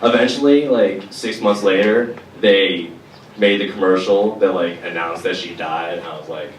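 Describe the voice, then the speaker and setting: A young man doing a stand-up comedy set, deadpan and slangy, with casual profanity. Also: low voice, normal speed, background noise. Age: young adult. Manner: deadpan, slangy and profane, mocks others in put-on voices. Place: college venue with audience laughter. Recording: echoey room, distant mic, loud ambience.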